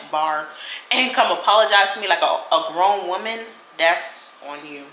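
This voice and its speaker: A young woman vlogger telling a storytime in an animated, sassy way, talking straight to the listener. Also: mid-range voice, roomy sound, slight background noise. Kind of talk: storytime vlog.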